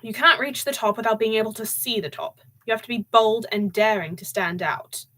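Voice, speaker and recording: A boastful, wealthy father lectures his son about aiming high, played by a woman. He blusters and teases. It is a storybook reading. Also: brisk, a bit bright. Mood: blustering. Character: bold, boastful wealthy father with a booming laugh.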